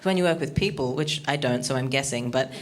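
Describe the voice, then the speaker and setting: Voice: mid-range voice, fairly quick, heavy background noise. A stand-up comedian doing a rambling, awkward, self-deprecating set with lots of ums, from Australia, recorded on a comedy studio stage.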